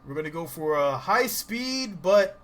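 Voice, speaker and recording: A man's voice: high-pitched, expressive, measured pace. A man streaming a video game, chatting casually, rambling and joking to himself as he plays. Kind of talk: casual live-stream chat while playing.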